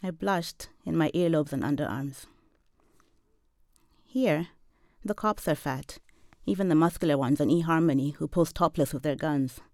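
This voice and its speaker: A woman in her forties from Zambia reading a first-person literary story in a measured, deadpan, wry way. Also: low-pitched, no echo, clean studio sound. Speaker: professor and storyteller.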